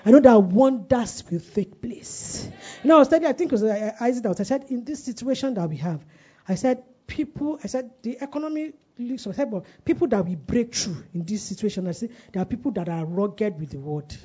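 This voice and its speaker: Woman preaching with a husky voice. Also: on the high side, lively intonation, fairly quick, warm tone, muffled recording. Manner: call-and-response, repeats phrases for emphasis. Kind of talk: sermon.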